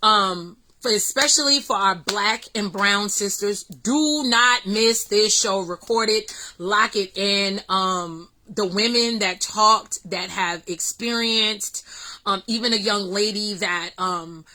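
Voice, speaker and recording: A middle-aged woman, excitedly telling a story to her vlog audience with lots of fillers. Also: medium pitch, takes it slowly, low-quality recording. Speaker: vlog host.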